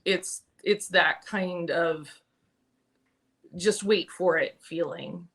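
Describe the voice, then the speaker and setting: Halting, low-voiced woman reading tarot. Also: steady tone, a bit bright. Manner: thoughtful, halting, many ums and restarts. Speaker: tarot reader. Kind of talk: live-stream tarot reading.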